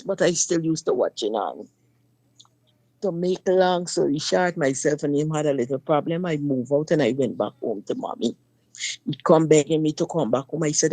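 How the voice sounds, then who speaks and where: A woman recounts her own story in an emphatic, forthright way, often turning to address the listener directly. Her voice sits fairly low, and the recording is dry and close. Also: moderate pace, a little mellow, dry recording. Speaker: guest sharing personal story. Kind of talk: personal testimony on a talk show.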